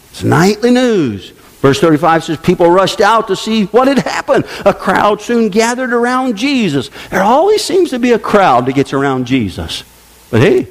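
A man preaching a sermon to his congregation, with conversational asides, dropping to low murmurs and rising to loud exclamations. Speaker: pastor.

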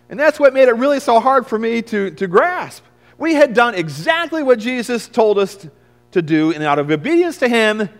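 A man preaching a dramatic first-person sermon as a weathered, shaken fisherman disciple, storytelling in swings from hushed to loud. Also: high voice. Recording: long reverb of a large hall.

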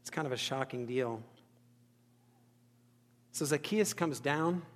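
A man's voice: medium pitch, slow. A man preaching a sermon in a conversational, self-deprecating way, acting out the thoughts of the people in his story. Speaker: pastor. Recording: hall reverb.

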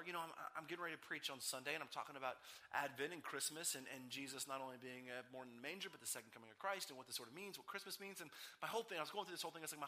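A middle-aged male pastor giving a sermon, telling personal stories in a conversational way that jumps now and then into loud, excited bursts. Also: a little high.

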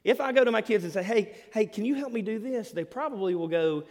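Animated pastor in an echoing hall. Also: male voice, high-pitched, fast talker. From Alabama. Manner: animated storyteller, swings from loud to hushed. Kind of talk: sermon. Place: church hall. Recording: long hall reverb.

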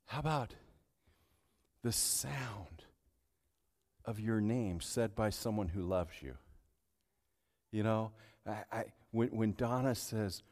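A male pastor preaching a sermon in a church, dropping to near-whispers at times and building to loud, triumphant declarations. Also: fairly low pitch, slow pace, long pauses. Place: church sanctuary.

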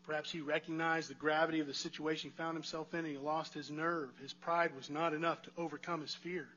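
A man's voice: on the high side, level tone, quick pace, bright, forceful tone, muffled recording, a little hiss or hum. A man preaching a sermon in a conversational way, asking the congregation rhetorical questions. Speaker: pastor.

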